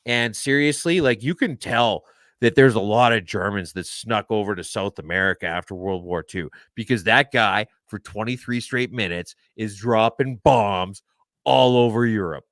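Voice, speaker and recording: Male co-host, sarcastic and dry in delivery, smooth voice with a dry sound. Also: fairly low pitch, moderate pace, a bit bright, dry recording. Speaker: podcast co-host. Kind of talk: casual chat.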